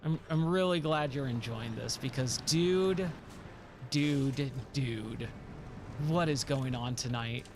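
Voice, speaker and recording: A tired, hoarse man chatting casually while live-streaming a game, rambling and repeating words. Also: medium pitch, takes it slowly, over music.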